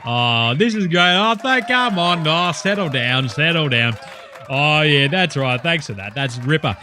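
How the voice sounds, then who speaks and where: A man's voice: a little high, animated, unhurried, noisy background. A man with an Australian accent voicing a brash, crude bogan cooking-show host who swears freely and drawls slang in a comedy sketch.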